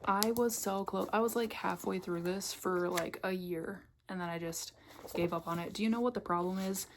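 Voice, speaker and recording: A woman's voice: mid-range voice, fairly even intonation, moderate pace, background noise. A young woman giving a casual, candid tour of her bookshelves, swearing freely as she talks. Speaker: book vlogger. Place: home room by her bookshelves. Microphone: camera on tripod.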